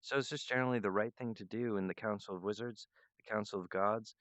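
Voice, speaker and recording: Speaking quickly in a lowish voice, this male show host wanders through a free-associating monologue, hopping loosely between ideas. His intonation stays fairly even and his tone is fairly bright. The audio is a dull, lo-fi, dry recording.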